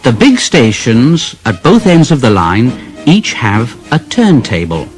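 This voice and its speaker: A man reads a children's story aloud at a slow, deliberate pace. His pitch rises and falls in lively swings to keep the telling vivid, with faint music underneath. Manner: expressive, unhurried storytelling. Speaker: reader.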